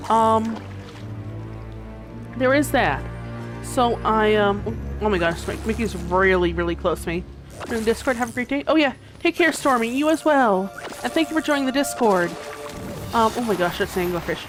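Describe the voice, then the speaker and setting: A woman streamer chatting casually while she plays a game, meandering and hesitant, often dropping to a soft murmur as she focuses. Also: a little high, lively intonation, moderate pace. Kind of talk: casual gameplay commentary. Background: game music.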